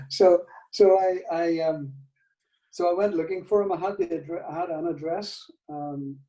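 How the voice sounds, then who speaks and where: An older man with a Northern Irish accent, telling stories as a guest in a casual interview, hesitant, with many restarts and soft laughs. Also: a little high, steady tone, takes it slowly, long pauses, echoey room, distant mic, rough recording. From Northern Ireland. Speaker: guitar maker, guest.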